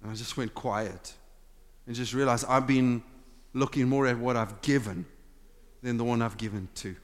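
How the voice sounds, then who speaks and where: A man's voice: medium pitch, normal speed. Impassioned male pastor in a reverberant hall. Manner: impassioned, swinging from loud urging to hushed intimate talk. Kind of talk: sermon. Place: church sanctuary. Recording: long hall reverb with faint music.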